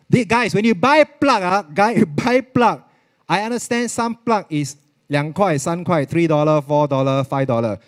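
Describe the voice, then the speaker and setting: A man's voice: sits high, normal speed. A man with a Singaporean English accent giving a chatty live product demo, repeating himself and slipping into Mandarin. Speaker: product presenter at a virtual expo.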